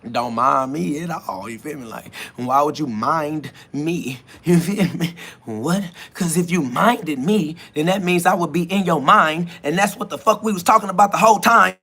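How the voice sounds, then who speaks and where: A man hosting his own podcast, talking freely in a rambling spiritual monologue. He keeps saying "you feel me", laughs often, and swings between loud and hushed. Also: on the high side, normal speed. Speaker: podcast host.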